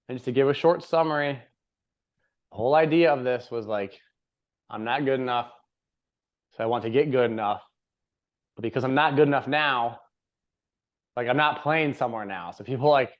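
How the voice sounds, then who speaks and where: A man's voice: mid-range voice, normal speed, long pauses. A young man hosting a podcast in casual chat, rambling and upbeat, laughing often. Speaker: podcast host. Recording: slightly dull lo-fi audio.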